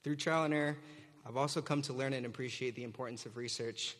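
A young man, a graduating student teacher, delivers a commencement speech at a podium microphone in a large hall, mixing jokes with earnestness. His medium-pitched voice holds a steady tone at a fast clip, warm as he leads the audience in a cheer. The recording has the reverberant sound of an auditorium.

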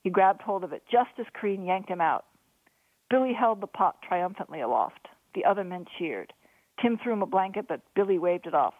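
A woman author reading her own novel aloud in a steady storytelling manner. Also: mid-range voice, moderate pace, no echo. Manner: steady storytelling, lively voices for dialogue. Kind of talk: audiobook narration. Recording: dry, phone-like narrow sound.

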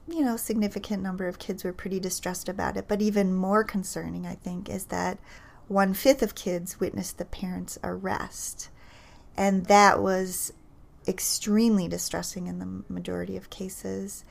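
A woman who works as a child psychologist explains research findings thoughtfully and in a measured way, with fillers and restarts. Her voice is medium-pitched and gravelly, with little pitch movement.

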